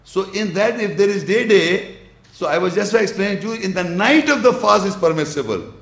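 Man giving a slow, probing religious lecture. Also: high-pitched, lively intonation, gravelly, fairly bright tone, roomy sound. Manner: explains slowly with gestures, checks the audience's understanding. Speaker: Islamic lecturer.

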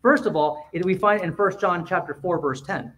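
A man preaching a sermon in a church, emphatic, with quick asides and swings between loud and quiet. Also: high voice. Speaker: pastor.

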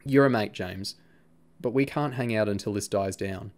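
A man voicing a cheeky, excitable teenage schoolboy who teases his friend and bursts out laughing. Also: fairly low pitch, moderate pace, natural voice. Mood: evasive.

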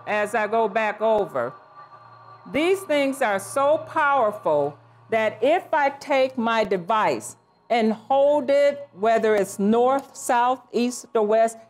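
A woman in her sixties giving a lively, playful conference presentation with exclamations and asides. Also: fairly high pitch. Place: conference session room.

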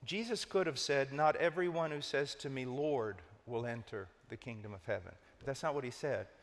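A man preaching a sermon, emphatic, rising to urgent loud peaks and dropping to low hushed stress. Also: moderate pace, long reverb tail.

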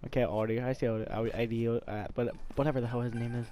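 A man's voice: medium pitch, level tone, very fast, warm tone. A young man and student rambling through casual gameplay commentary, talking to his viewers and cursing freely. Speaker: gamer.

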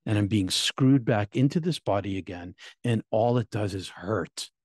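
A middle-aged man and minister recounting his near-death experience in an emotional, halting way, repeating words, his voice climbing high at painful moments. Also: a little mellow, breathy edge, dry recording, studio quality. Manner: halting, repeats words, voice rising high when reliving pain. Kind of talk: emotional personal storytelling.

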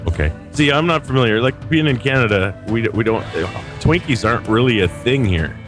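A man's voice: mid-range voice, expressive, fairly quick, music in the background. A middle-aged man co-hosting a podcast over Skype, chatting casually, hesitant with many fillers and restarts. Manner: hesitant, lots of uh and restarts, laughs often. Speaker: podcast co-host. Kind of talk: casual chat. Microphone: talking over Skype.

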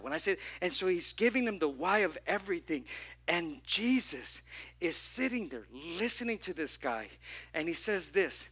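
A man preaching a lively sermon at a church service. He acts out the people in his story and asks the congregation questions. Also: a little high, normal speed, husky. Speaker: pastor.

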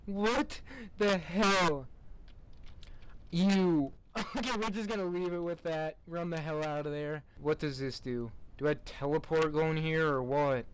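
A man's voice: fairly high pitch, moderate pace, few pauses, slight background noise. A young man giving casual, sarcastic commentary while playing a game, mocking what he sees and laughing in bursts. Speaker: gamer.

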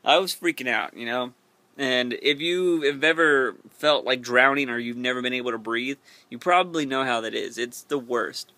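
A man's voice: mid-range voice, moderate pace, bright, forceful tone, no echo. A young man casually telling a story to camera in a rambling, profane way, full of fillers and restarts. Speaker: vlogger.

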